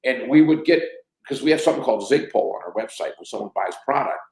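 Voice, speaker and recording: A man in his sixties speaks as a podcast guest, an energetic storyteller who slips into the voices of the people in his stories. His voice sits at an ordinary pitch for a man. The recording carries a noticeable roomy echo. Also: quick pace. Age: 60s. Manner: animated storyteller who acts out quoted dialogue. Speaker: company CEO guest. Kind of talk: anecdotal storytelling in a podcast interview.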